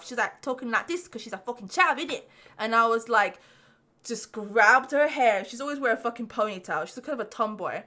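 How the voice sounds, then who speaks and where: Young female podcast host, bright forceful voice, cussing storyteller, casual chat. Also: a little high, fairly quick. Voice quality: profane, animated storyteller.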